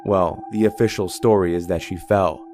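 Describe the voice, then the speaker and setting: Low-voiced narrator over music. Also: male voice, fairly even intonation, moderate pace. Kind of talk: scripted documentary-style narration. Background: music underneath.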